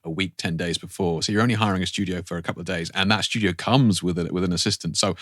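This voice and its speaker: Male podcast host, very low voice, dry close sound, agreeable and chatty. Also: fairly even intonation, fast, a bit bright, no echo. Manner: agreeable, thinking aloud with restarts. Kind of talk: casual interview chat.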